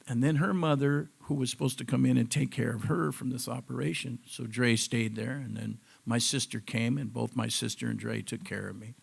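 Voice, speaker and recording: A man with a medium-pitched voice and some vocal fry tells his story as a cancer survivor before a live audience. His testimonial is conversational and keeps drifting into side notes.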